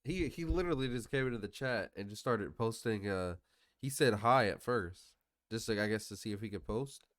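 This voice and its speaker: Male podcast co-host, lowish voice, loose rambling chat. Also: animated, moderate pace, a bit bright, no echo, clean studio sound. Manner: loose, rambling, with fillers and restarts. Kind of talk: casual chat.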